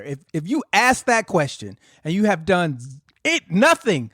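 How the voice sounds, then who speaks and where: Heated man ranting, higher pitched. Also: very animated, normal speed, fairly bright tone, dry recording, studio quality. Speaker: podcast co-host. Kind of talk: casual podcast chat.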